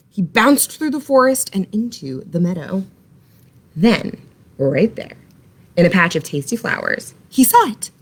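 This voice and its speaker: A woman reading a children's story aloud for library storytime, in an expressive, animated way. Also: on the high side, slightly rough.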